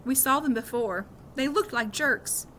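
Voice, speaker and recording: Storybook kid, woman reading a quick excitable boy, bright. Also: high voice, a little hiss or hum. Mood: excited. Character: quick schoolboy friend, excitable.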